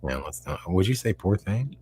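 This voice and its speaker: A man's voice: deep voice, expressive, moderate pace, mellow, husky. A middle-aged man hosting a call-in show, chatting casually and rambling, often laughing and restarting his sentences. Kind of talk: casual chat.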